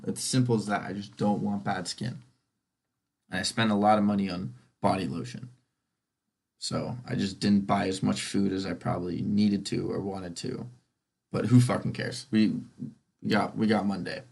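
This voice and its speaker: A man's voice: fairly low pitch, vocal fry. Rambling, foul-mouthed young man. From California. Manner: rambling, profane, goes off on tangents. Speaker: podcast host. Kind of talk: casual solo podcast monologue.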